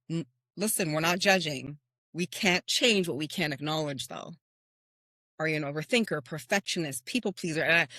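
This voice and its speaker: A woman's voice: fairly low pitch, fairly bright tone, no echo, studio quality. A woman hosting a motivational podcast, speaking earnestly and telling stories with rhetorical questions. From Canada. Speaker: podcast host and confidence coach.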